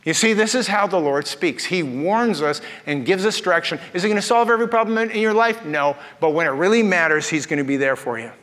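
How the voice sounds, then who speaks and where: A pastor preaching a sermon, telling folksy stories with jokes. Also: male voice, sits high, brisk, hardly any pauses, a bit bright, long reverb tail.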